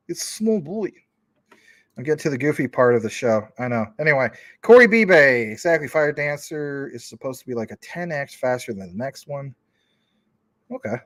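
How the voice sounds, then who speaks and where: A man chats casually on his livestream, reading out viewer comments and answering them. He rambles informally with plenty of fillers, at a middling pitch. The sound is dry and close. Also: a bit bright, no echo. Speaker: crypto livestream host.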